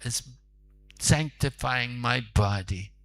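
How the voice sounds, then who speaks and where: A man's voice: medium pitch, takes it slowly, fairly bright tone. A man voicing a devoted and tolerant male follower who speaks emphatically. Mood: humble.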